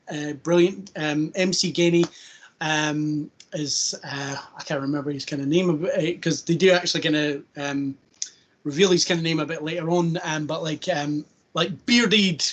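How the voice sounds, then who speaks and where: A man with a slightly high voice hosts a casual podcast chat, rambling along with lots of fillers. Every so often he slips into quick impressions of scenes.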